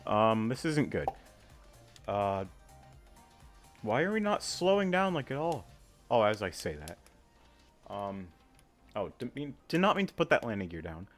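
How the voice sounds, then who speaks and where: Man, flight sim gameplay commentary, low voice, lively pitch, rambling with lots of ums, faint music behind. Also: unhurried, long pauses. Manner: rambling, thinks aloud with many ums; sudden excited outbursts.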